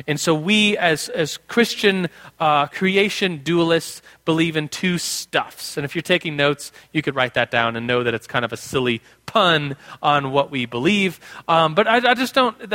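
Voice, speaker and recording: A man with a high, bright voice teaches a live congregation. He keeps his sermon casual and playful, and he jokes lightly as he explains. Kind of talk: conversational sermon. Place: in front of a live group in a room.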